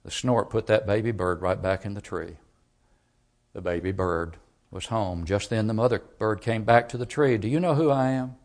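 A man's voice: lowish voice, normal speed. Emphatic man preaching a sermon. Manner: emphatic, rising to loud storytelling peaks. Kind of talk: sermon with storytelling.

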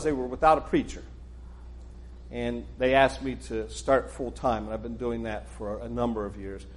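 A middle-aged man preaching in a church, talking casually and rambling with frequent restarts. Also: fairly high pitch. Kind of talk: casual introductory sermon talk.

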